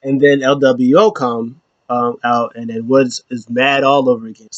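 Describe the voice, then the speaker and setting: A man's voice: mid-range voice, fairly even intonation, moderate pace, dry recording. A man hosting a casual wrestling recap, talking loosely and rambling with lots of fillers. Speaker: show host. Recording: slightly dull lo-fi, dry.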